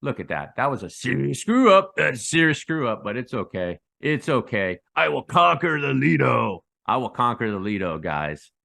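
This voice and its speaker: A man hosting a casual chart commentary, rambling and repeating himself, calling his viewers guys and breaking into excited bursts. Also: medium pitch, moderate pace, creaky, hardly any pauses. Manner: excitable bursts with sound effects. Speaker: crypto channel host.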